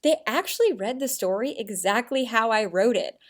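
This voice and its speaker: A woman teacher giving an animated, expressive writing lesson to young children. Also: a little high, moderate pace.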